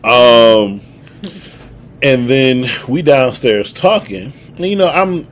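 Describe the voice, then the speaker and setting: A man's voice: medium pitch, slow pace, slight background noise. A young man, casually telling a story on a podcast and acting out the quotes. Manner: animated storyteller, acts out quotes. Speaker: podcast co-host.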